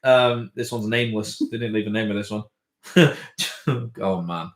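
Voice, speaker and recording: A man's voice: on the low side, normal speed. A man co-hosting a live stream, laughing often and acting out the voices as he tells a long joke. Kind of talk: casual chat, telling jokes. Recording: echoey room.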